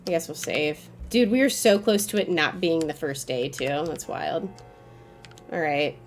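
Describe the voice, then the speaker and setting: A woman giving gameplay commentary, excitable and swearing freely, breaking into frustrated yells, then calmly explaining in a recap. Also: low voice, a little slow, faint music behind. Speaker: gaming YouTuber.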